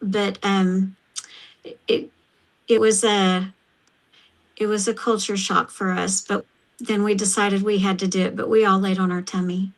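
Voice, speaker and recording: Slow, even-toned Oklahoma woman. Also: medium pitch, low-quality recording. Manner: halting, many fillers. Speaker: host. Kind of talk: casual chat.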